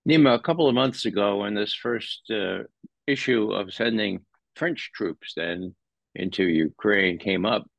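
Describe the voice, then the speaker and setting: A man commenting as a guest in an interview, animated and sardonic, rising sharply in pitch when he stresses a point. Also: unhurried, creaky, no echo. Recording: dull lo-fi dry sound.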